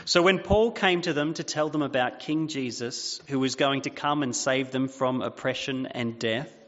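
A man's voice: mid-range voice, normal speed, a bit bright. A man in his thirties giving a sermon as pastor, in a chatty storytelling way with fillers. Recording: dull sound with long hall reverb.

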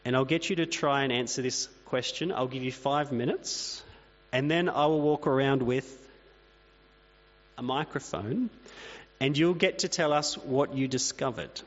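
A man's voice: medium pitch, unhurried. A man giving a sermon in a plain, conversational way, with casual asides to the congregation. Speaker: pastor. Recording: dull reverberant hall recording with mains hum.

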